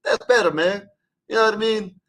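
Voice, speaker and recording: Male caller, somewhat high voice, heated casual sports debate, emphatic and repetitive. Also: brisk, fairly bright tone. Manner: emphatic, repetitive, scolding the listeners. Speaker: caller in an online open panel.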